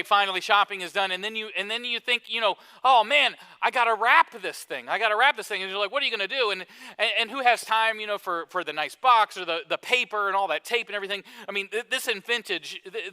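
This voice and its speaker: A man's voice: high-pitched, bright, forceful tone, clean tone. A man preaching a sermon in church, talking conversationally to the congregation and often repeating words as he goes. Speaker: pastor.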